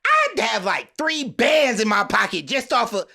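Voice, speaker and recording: A man co-hosting a podcast, telling stories in a rambling, animated casual chat. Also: very high voice, a little slow, vocal fry. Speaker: podcast co-host.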